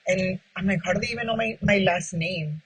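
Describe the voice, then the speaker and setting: Woman, husky voice, pizzeria owner, casual storytelling, acts out old conversations. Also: mid-range voice, a little fast, poor audio. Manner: retells past talks by acting out both sides, heavy with "like". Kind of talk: personal storytelling in an interview.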